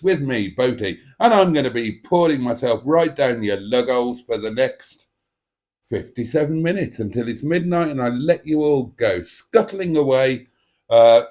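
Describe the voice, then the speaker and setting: A man's voice: mid-range voice, a little mellow. A man hosting a live stream, chatting casually and reading out viewer comments in a playful, cheeky, theatrical way.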